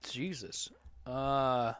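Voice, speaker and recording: A man's voice: medium pitch, drawn-out words, a bit bright, smooth. Rambling, cursing podcast guy. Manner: rambling, profane, joking. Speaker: podcast host answering chat questions. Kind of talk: casual live Q&A.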